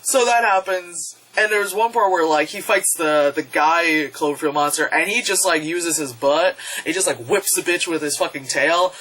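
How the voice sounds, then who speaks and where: Bright-voiced excitable woman reviewer. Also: fairly low pitch, moderate pace, few pauses, poor audio. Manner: excitable, profane, bursts into loud yelps. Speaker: movie reviewer. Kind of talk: casual movie review vlog.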